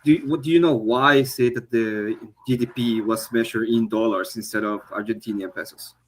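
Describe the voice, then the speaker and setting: A man in an online debate who asks calm, pointed, leading questions over a home computer mic on a voice call. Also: mid-range voice, normal speed. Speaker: debate participant.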